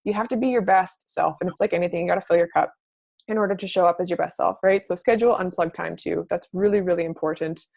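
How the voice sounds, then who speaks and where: A woman's voice: lowish voice, fast talker, vocal fry, a little mellow, dry recording. A woman fitness coach talking to her team on a video call, casual and gushing, full of "like". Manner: casual and gushing, says "like" often.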